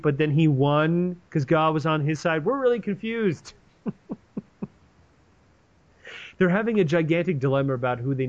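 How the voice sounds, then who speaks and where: Guy hosting, retelling a story in a rambling, sweary way, kinda high voice, dull lo-fi sound. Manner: profane, animated, rambling. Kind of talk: casual comedic retelling.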